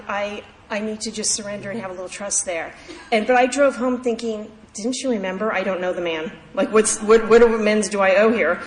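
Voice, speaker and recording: A woman's voice: mid-range voice, slight background noise. A woman sharing her recovery story at a meeting, talking casually with many fillers and restarts. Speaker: AA meeting speaker. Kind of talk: personal recovery talk. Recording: echoey hall, faint ambience.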